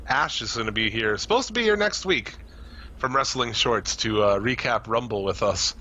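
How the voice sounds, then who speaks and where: A man co-hosting a podcast in casual chat, loose and profane, laughing often, his voice going hoarse. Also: mid-range voice, lively intonation, normal speed, sharp tone, muffled recording. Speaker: podcast co-host.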